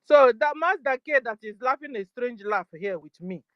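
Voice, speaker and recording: A woman hosting a casual live audio chat, forceful and firm, often asking "you understand?". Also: on the high side, lively intonation, normal speed, no echo, highs cut off. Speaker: host of an online audio space.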